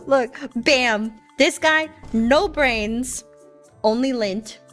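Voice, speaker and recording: Young woman streamer, high voice, playful storyteller, faint music bed. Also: very slow, fairly bright tone. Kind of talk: casual chat with viewers.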